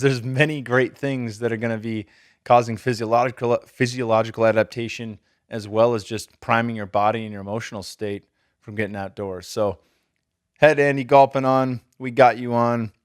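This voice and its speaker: A man's voice: medium pitch, fairly even intonation, brisk, dry recording, studio quality. A man hosting a podcast, chatting loosely and swearing casually while asking his guest questions. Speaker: podcast host.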